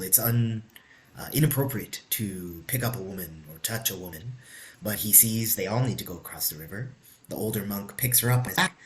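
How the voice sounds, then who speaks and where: A man leading a New Year meditation practice, speaking softly and conversationally, often sinking into a whisper. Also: lowish voice. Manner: soft-spoken, slow, drifting into whispers; conversational, says "you know" and "right?". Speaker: meditation leader. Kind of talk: guided meditation talk.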